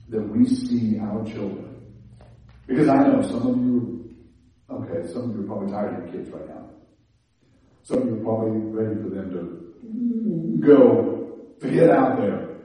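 A man preaching a sermon in a conversational, animated way, laughing and restarting as he talks. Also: lowish voice, heavy reverb, far from the mic, poor audio. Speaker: pastor.

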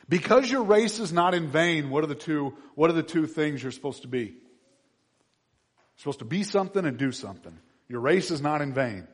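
A man preaching a sermon to his congregation, asking them questions and swinging between loud shouted passages and quiet low ones. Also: slightly rough, in a large hall. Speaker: pastor.

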